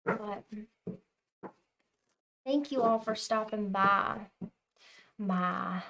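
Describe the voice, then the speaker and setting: A young woman chatting casually with her viewers on a tarot reading livestream, telling stories in an animated way. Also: mid-range voice, drawn-out words, a little hiss or hum. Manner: chatty, animated storytelling, talks to chat. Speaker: tarot reader livestream host.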